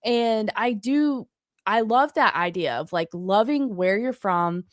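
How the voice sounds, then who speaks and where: A woman's voice: medium pitch, animated, a little slow, no room sound. Dry-sounding, chatty woman who laughs often. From North Carolina foothills. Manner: laughs often, hesitant restarts. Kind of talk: casual chat.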